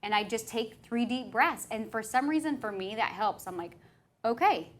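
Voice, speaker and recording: A woman hosting a casual podcast, with a somewhat high voice. She is agreeable and reflective, and she often chimes in with "right" and fills her speech with "like.". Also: moderate pace. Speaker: podcast host.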